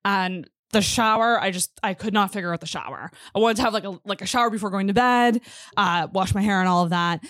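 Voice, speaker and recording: A woman's voice: mid-range voice, brisk, fairly bright tone, no room sound, clean studio sound. A woman podcast host from Nova Scotia with a light Nova Scotian accent, chatting casually, giggly and bubbly. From Nova Scotia, Canada. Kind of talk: casual chat.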